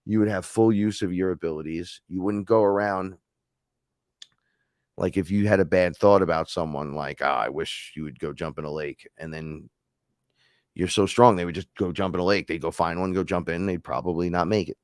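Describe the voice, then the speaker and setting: A man's voice: low voice, fairly even intonation, moderate pace, no room sound, studio quality. A man hosting a casual spiritual talk, telling stories in a rambling, profane way. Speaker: host.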